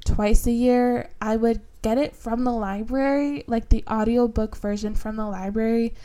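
A young woman talks casually about her favorite books, wandering off on tangents and filling pauses with "um" and "like". Her voice sits a little on the high side. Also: warm tone. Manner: chatty, rambling, filler-heavy. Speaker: book vlogger. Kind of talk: casual book tag chat.

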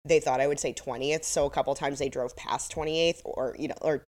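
A woman with a deep, darkish-toned voice and a slight lisp speaks fairly quickly with fairly even intonation. As a podcast co-host in a casual recap chat, she wryly reads out quotes from her episode notes.

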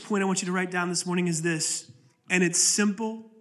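Bright high-voiced male pastor preaching. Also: fairly even intonation, brisk. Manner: impassioned preaching with sudden drops to low, quiet delivery; acts out quoted pleas with rising intensity. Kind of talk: sermon. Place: church sanctuary.

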